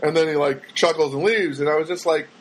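A man's voice: on the high side, fairly quick, poor audio. A man telling rambling everyday stories in a casual monologue, acting out the voices of people he met. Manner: rambling, animated, acts out voices of people he quotes.

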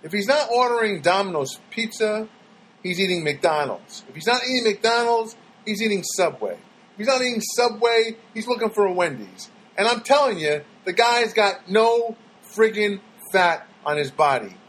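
Middle-aged New York comic, high voice, lively swooping pitch, rambling monologue. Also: male voice, normal speed, breathy edge, low-quality recording. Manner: rambling, animated storytelling. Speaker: comedian. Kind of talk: casual monologue.

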